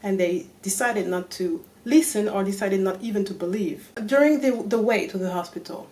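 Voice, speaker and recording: A woman with a French accent, a native French speaker, telling a story on her vlog in an animated way and swearing often. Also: medium pitch, moderate pace. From France. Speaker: vlogger.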